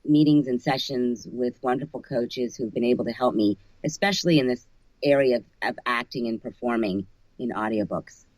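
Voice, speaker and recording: A woman's voice: rumbling low, normal speed, a little mellow, no room sound. A woman who narrates audiobooks, talking casually in an interview, thoughtful and often restarting her phrases.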